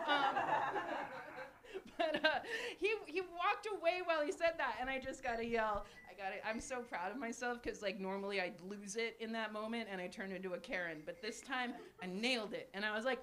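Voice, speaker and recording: A woman in her forties performing a live stand-up set at a small cafe, animated, laughing at her own jokes and shouting punchlines. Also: fairly high pitch, normal speed, background noise. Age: 40s. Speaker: stand-up comedian. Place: small cafe stage before a live audience.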